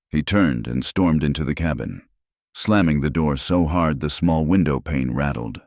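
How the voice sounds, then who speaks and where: Deep-voiced dramatic male storyteller. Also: normal speed, a little mellow, dry recording, clean studio sound. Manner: dramatic, emphatic. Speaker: narrator.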